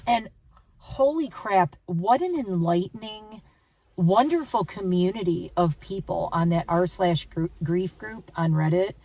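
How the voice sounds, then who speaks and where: A woman's voice: fairly low pitch, measured pace, darkish tone, recorded from a distance, low-quality recording. A tired woman vlogging casually to the camera, rambling and correcting herself as she talks. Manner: rambling, chatty, self-correcting. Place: outdoors and in a car, rainy day.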